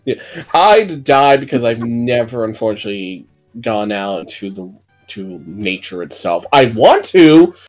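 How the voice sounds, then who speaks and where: A man's voice: mid-range voice, sing-song, measured pace, soft background music. A man hosting a casual let's play, telling rambling anecdotes. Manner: chatty storytelling, rambling anecdotes. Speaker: host.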